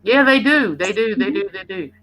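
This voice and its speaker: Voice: mid-range voice, lively intonation, normal speed, noisy background. A co-host, chatting in a plainspoken way in a casual group chat.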